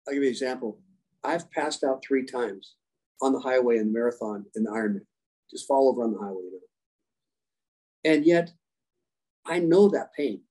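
A man who is a leadership coach and former special operations rescuer, giving animated storytelling answers in a podcast interview and acting out dialogue. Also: medium pitch, normal speed, pauses often, rough recording. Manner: animated, acts out quoted dialogue. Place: podcast conversation.

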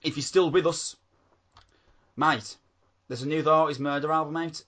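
A man co-hosting a podcast, chatting excitedly and swearing constantly. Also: a little high, normal speed, a crowd in the background. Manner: excitable, swears a lot, calls people mate. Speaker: podcast co-host. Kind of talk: casual chat.

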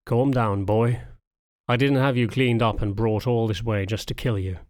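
A man's voice: mid-range voice, fairly even intonation, darkish tone, no room sound, clean studio sound, lightly acted. A man voicing an aloof old male spaniel lord who speaks curtly and dismissively, in an audiobook reading. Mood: cold, dismissive. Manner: curt, dismissive, unhurried.

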